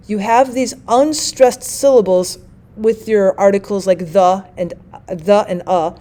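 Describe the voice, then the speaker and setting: A woman's voice: medium pitch, dark tone. A woman teaching a lesson in a methodical, explanatory way. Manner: methodical, reads examples slowly. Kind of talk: explanatory lecture.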